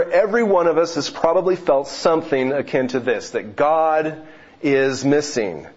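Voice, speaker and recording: A man's voice: mid-range voice, expressive, a little slow, a faint crowd. A man preaching a sermon, telling a joke as a story before turning to scripture, with occasional self-corrections. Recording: dull, lo-fi recording.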